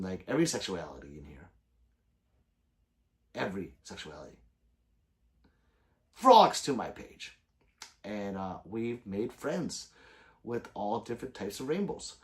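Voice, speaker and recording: A man hosting a casual livestream, reading viewer comments aloud, joking and swearing freely with loud sudden outbursts. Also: fairly low pitch. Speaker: gun channel livestream host.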